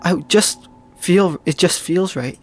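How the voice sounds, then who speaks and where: Brief: a soft-spoken, hesitant teenage girl, read aloud by a gamer from a visual novel, confiding something painful. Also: medium pitch, slow, soft background music, close to an everyday voice. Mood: sad.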